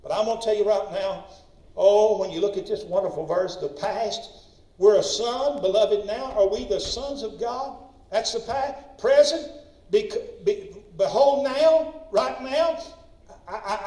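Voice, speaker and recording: A man preaches with fiery passion in a church. His voice sits high and climbs as he presses his point. The sound is roomy and distant, picked up from far off in an echoing sanctuary. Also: normal speed. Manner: impassioned preaching, shouts in story voices. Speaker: pastor. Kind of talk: sermon.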